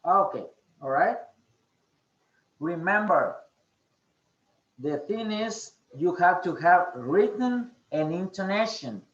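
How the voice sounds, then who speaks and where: A man teaching an online English class, speaking slowly with many fillers and a repeated "okay?". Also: a little high, fairly bright tone, reverberant, dull audio. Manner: slow, repeats "okay?" often, hesitant fillers.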